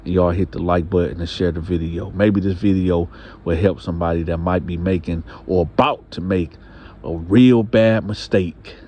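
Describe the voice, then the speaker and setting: A man's voice: sits low, fairly even intonation, normal speed, dark tone. A man hosting a casual storytime, restarting phrases and talking straight to his viewers. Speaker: storyteller, channel host.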